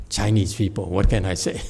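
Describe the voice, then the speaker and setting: A man's voice: low-pitched, creaky, darkish tone. A man giving a dharma lecture in a temple hall, telling stories with folksy, self-deprecating humor and frequent checks of "okay?". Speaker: Buddhist teacher.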